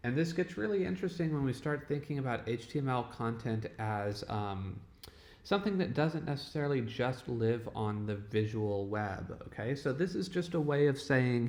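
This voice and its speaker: A man teaching a casual lecture, talking in a conversational way and often checking in with "okay?" and "right?". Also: medium pitch. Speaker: web development instructor. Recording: echoey room.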